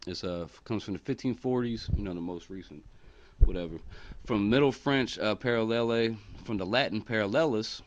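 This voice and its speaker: A man's voice: on the low side, moderate pace, a little hiss or hum. A man casually talking through a word's origins in a loose, chatty way with fillers. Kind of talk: casual explanatory talk. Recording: dull lo-fi recording.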